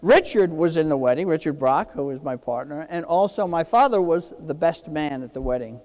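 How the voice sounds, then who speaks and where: Speaking at a moderate pace in a large hall, a keynote speaker in his sixties from New Jersey recounts a personal story. His voice is a little high, and he animatedly acts out the quoted lines.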